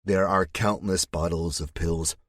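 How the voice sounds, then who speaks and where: A man's voice: low-pitched, steady tone, unhurried, a bit bright, no room sound. A man narrating an audiobook in the first person, telling it in a gritty, tense way on a close studio mic.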